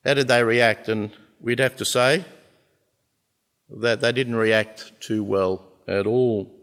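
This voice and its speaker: Male pastor, mid-pitched, earnest sermon with weighty pauses and rising emphasis; long hall reverb. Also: fairly even intonation, fairly bright tone.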